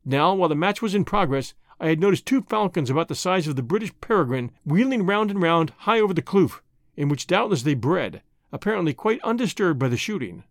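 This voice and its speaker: A man narrating a novel in the first person, reading in an expressive, dramatic way. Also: a little high, fairly quick, no echo, studio quality. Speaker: audiobook narrator.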